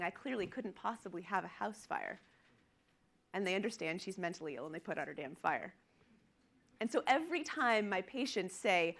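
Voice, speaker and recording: A woman's voice: on the low side, animated, moderate pace, creaky, fairly bright tone. A middle-aged woman physician giving a conference presentation, earnest and emphatic, acting out quotes from her patients. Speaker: physician lecturer.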